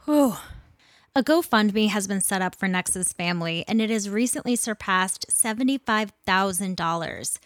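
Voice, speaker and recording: A woman hosts a podcast, reading the news in an earnest, indignant tone. Her voice sits at a middling pitch. The recording is dry and close, with no room sound. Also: moderate pace, few pauses, a bit bright, no echo. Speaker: podcast host.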